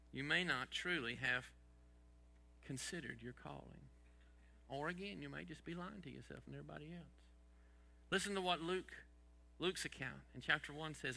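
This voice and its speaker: A man's voice: on the high side, gravelly, bright, forceful tone. A man preaching a sermon as pastor, asking the congregation rhetorical questions and dropping folksy sayings.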